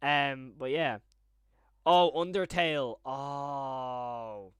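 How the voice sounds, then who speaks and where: A young man talking his way through a live stream in a chatty, rambling manner, quickly getting excited. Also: mid-range voice, clean tone, dry recording, studio quality.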